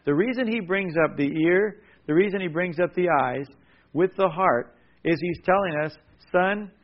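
A man's voice: fairly high pitch, highs cut off. A male pastor preaching a sermon, repeating key words and leading the congregation in call-and-response. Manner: emphatic, repetitive, call-and-response.

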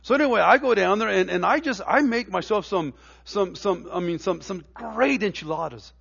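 A man's voice: high-pitched, moderate pace, gravelly, fairly bright tone, breathy edge, highs cut off. A middle-aged man preaching a sermon in a church, telling homey stories with stammered restarts and building to emphatic preaching. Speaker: pastor. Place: church sanctuary.

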